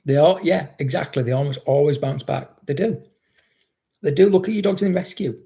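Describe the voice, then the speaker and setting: A man's voice: a little high, brisk, gravelly, long pauses, warm tone. A man, a dog trainer, chatting casually on a livestream and reading out viewer comments, blunt and swearing constantly as he rambles.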